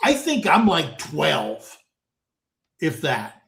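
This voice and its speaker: Man in his sixties, talk host, slow drawl, echoey room sound, folksy storytelling. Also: fairly high pitch, huge pitch swings, creaky, a bit bright. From United States. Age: 60s. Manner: folksy storyteller, addresses listeners as guys. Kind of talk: casual panel chat, storytelling. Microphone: video call. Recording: roomy echoing room.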